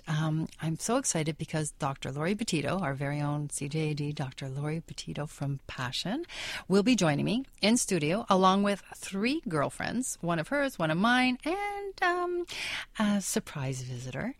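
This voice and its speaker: A woman's voice: on the low side, no room sound. Bubbly woman radio host. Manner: bubbly and enthusiastic, laughs often. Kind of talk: casual radio chat. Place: radio studio.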